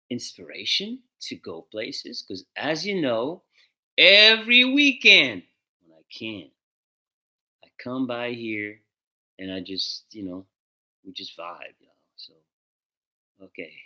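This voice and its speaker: A man hosting a casual music livestream, greeting viewers by name in a relaxed, chatty way and slipping into French and Spanish greetings. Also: medium pitch. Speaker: musician hosting a live stream.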